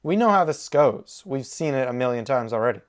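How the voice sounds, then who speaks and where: A man's voice: medium pitch, expressive, fairly quick. A young man hosting a TV reaction video, talking emotionally to his viewers, with faint music from the show behind him. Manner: emotional, exclaiming, talks to viewers. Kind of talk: casual reaction commentary.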